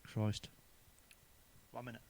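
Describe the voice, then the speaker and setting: A man's voice: takes it slowly, dark tone, a little hiss or hum. A man telling crude jokes in a sweary monologue, chuckling at his own punchlines. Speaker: stand-up comedian.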